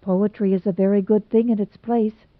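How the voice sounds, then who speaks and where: A woman's voice: medium pitch, level tone, moderate pace, no echo, natural voice. A woman voicing Anne, a cool sensible young teacher. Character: level-headed young woman teacher giving advice. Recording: tinny phone-like sound, dry.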